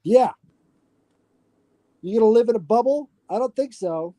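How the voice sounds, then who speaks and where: A man talking on a podcast as a guest, lecturing in an animated, profane way. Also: very high-pitched, unhurried, long pauses, dry recording. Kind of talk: casual podcast chat.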